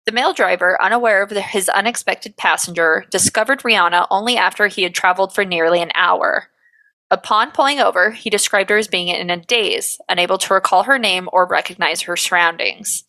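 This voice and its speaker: Bright-voiced woman reading case notes. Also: medium pitch, brisk, no echo. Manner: reads from notes with fillers and laughs. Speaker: podcast co-host. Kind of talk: reading case notes aloud, casual chat.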